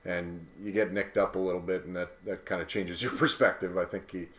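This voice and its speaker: Deep-voiced man in an echoey room. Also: steady tone, fairly bright tone. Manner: thoughtful, halting, repeats words. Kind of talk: casual podcast chat. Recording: roomy echo.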